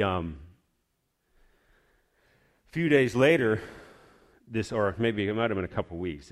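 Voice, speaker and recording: A man giving a personal testimony to his church, telling a story in a rambling, heartfelt way. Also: deep voice.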